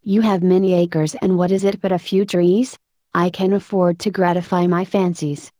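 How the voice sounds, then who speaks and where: A polite, restrained man who is recovering his health, as a woman narrator puts him on. The voice sits low with a mellow tone. The recording is dry and close. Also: little pitch movement, normal speed, dry recording, close to an everyday voice. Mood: persuasive. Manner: courteous, restrained.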